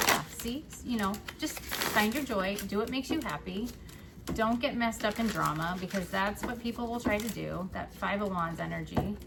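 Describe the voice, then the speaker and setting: A woman's voice: medium pitch, expressive, measured pace, vocal fry, noisy background. A woman giving a casual tarot reading to her viewers, swearing freely and filling her talk with "like" and "right?". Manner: loose and profane, with frequent "like" and "right?". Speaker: tarot card reader.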